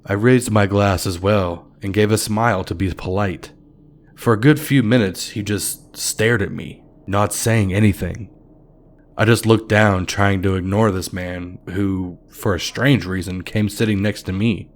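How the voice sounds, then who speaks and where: A man with a very deep, low voice narrates a horror story. His delivery is measured and somber, paced for a creepy tale. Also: steady tone.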